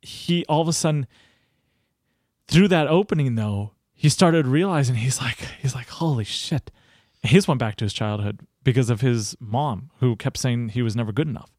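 A man in his thirties, a coach and podcast guest, telling stories in a casual, animated way, swearing freely and acting out what people said. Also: medium pitch, moderate pace, no room sound, studio quality. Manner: animated, swears freely, acts out quoted dialogue. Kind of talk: casual storytelling interview.

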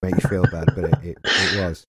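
A man's voice: low voice, little pitch movement, a little fast, a bit bright, breathy edge, no echo, clean studio sound. A man co-hosting a podcast, riffing in casual chat with jokey, rambling tangents. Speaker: podcast co-host.

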